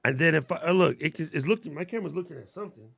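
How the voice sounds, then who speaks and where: Slangy, gravelly man on a live stream. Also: on the high side, racing, a bit bright, no room sound. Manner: casual, slangy and enthusiastic, answers viewer questions. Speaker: host of a live gear stream. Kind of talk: casual live-stream gear talk.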